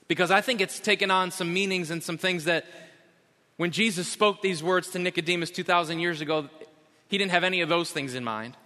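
High, bright-voiced pastor in a reverberant hall. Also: male voice. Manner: emphatic, repeats key phrases slowly. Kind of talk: sermon. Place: church sanctuary.

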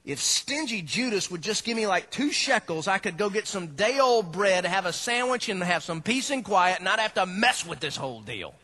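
A man's voice: high voice, sing-song, normal speed, few pauses, sharp tone, full character voice. A man voicing a fed-up, weary man who grumbles and groans.

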